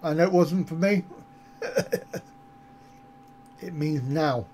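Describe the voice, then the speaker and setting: A man's voice: on the high side, slow pace, a little mellow, slight background noise. A man on a casual live stream, answering viewer comments in a rambling, self-mocking way. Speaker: travel vlogger answering live chat.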